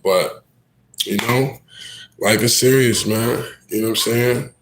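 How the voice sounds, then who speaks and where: A man rapper telling a story on a casual livestream, animated and slangy, often turning to the listener. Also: fairly low pitch, slow, slight background noise. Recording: echoey room.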